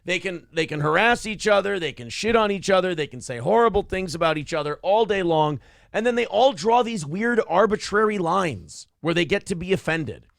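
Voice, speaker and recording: A man's voice: sits high, lively intonation, moderate pace, creaky, a bit bright, no room sound, studio quality. A man hosting a talk show, giving blunt, profane commentary on a clip in a casual, ranting way. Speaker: show host.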